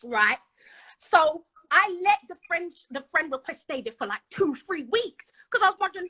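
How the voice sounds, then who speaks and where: A woman's voice: very high voice, big pitch swings, moderate pace, sharp tone, poor audio. A British woman telling a personal story in casual chat, acting out the dialogue as she goes. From Britain. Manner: chatty, dramatic, acts out quoted dialogue. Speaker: guest.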